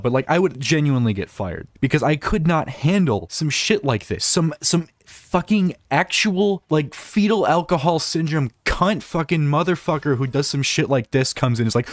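A man's voice: medium pitch, expressive, normal speed, hardly any pauses, no echo. A man hosting a reaction video, ranting angrily with lots of swearing and stumbling restarts. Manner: heated, profane, stumbling restarts. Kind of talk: angry ranting commentary.

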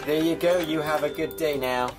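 A man's voice: a little high, normal speed, music in the background. A young man commentating a game with jokes, chatting to customers in a mock shopkeeper voice. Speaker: gaming YouTuber. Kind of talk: comedic gameplay commentary.

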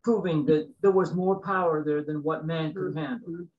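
A man's voice: fairly high pitch, fairly even intonation, normal speed, narrow, tinny audio. A man in a casual group Bible study, earnestly explaining his view of the passage.

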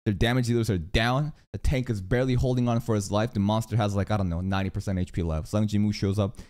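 A man's voice: lowish voice, fast talker. A man streaming a reaction to an anime video, talking casually with lots of swearing and laughter. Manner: animated, swearing, laughs often.

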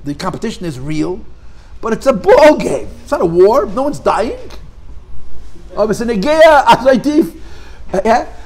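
High-voiced man teaching an emphatic Torah class. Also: sing-song, moderate pace, long pauses, a little mellow. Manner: emphatic, rhetorical questions, repeats words when rephrasing. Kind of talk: conversational Torah class lecture.

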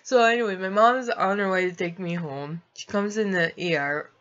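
A young adult woman vlogs a personal story, rambling casually and laughing along the way. Her voice is fairly low and a bit bright, her pace moderate, and the sound lo-fi.

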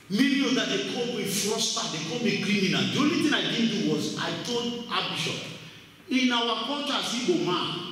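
A man preaching a sermon as pastor, telling stories in an animated, emphatic way, recorded from far off in an echoey church hall. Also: high-pitched, slight background noise.

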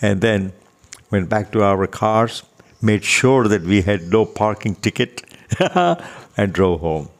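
An older man telling a personal story casually, unhurried and chuckling, acting out the dialogue. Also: on the low side, fairly even intonation.

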